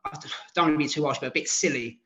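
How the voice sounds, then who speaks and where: A man in his late thirties hosting a casual podcast chat, talking in an animated way with frequent laughs. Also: fairly high pitch, quick pace. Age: 30s. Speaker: podcast host. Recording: dull lo-fi sound.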